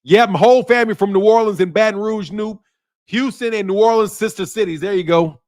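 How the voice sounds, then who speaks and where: Slangy, high-voiced male stream host. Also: fairly quick, a little mellow. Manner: loose, playful, slangy banter. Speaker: boxing livestream host. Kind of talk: casual livestream chat, reacting to viewers. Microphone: streaming mic.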